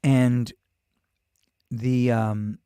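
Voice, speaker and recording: A man's voice: medium pitch, flat delivery, extremely slow, warm tone, clear, resonant tone, no room sound, studio quality. A male show host with a New York accent, rambling through a profane, casual monologue full of restarts.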